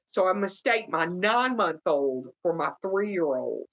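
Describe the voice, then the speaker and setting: A middle-aged woman, a guest, telling a personal story in a halting way, with many fillers and restarts. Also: expressive, a bit bright. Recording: muffled low-fidelity audio.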